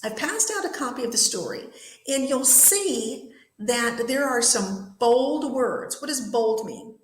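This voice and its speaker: A woman's voice: fairly high pitch, animated, a little hiss or hum. Woman teacher in an echoey classroom. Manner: slow, careful enunciation of vocabulary words. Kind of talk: classroom vocabulary lesson.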